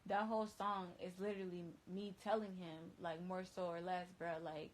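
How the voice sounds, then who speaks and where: A woman's voice: lowish voice, fairly even intonation, normal speed, hardly any pauses, poor audio. Emphatic, profane woman DJ telling a story. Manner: emphatic, profane, fills with "like" and "bruh". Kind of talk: casual storytelling on a phone livestream. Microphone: phone.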